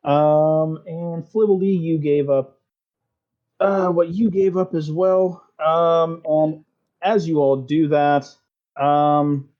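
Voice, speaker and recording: A man narrating a tabletop game as game master, easygoing and filling pauses with "uh". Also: a little high, fairly even intonation. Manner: easygoing, many fillers. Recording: dull lo-fi sound.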